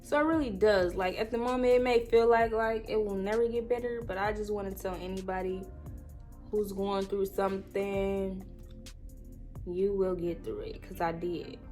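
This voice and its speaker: Woman, 20s, vlogger, emotional storytime, teary and rambling, medium pitch. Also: steady tone, moderate pace, a little mellow, soft background music. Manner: tearful, laughing through tears, rambling with many fillers.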